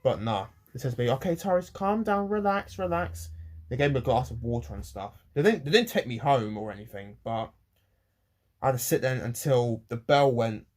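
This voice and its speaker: A man ranting on a personal vlog to camera, rambling and halting with many restarts and repeated words, emotional and close to tears. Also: mid-range voice, animated, a little mellow. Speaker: vlogger.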